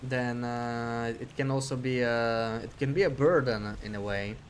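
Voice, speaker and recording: A man's voice: medium pitch, a little slow, slight background noise. A man streaming a puzzle game, chatting casually and thinking aloud as he plays. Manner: thinks aloud while playing. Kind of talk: casual gameplay commentary.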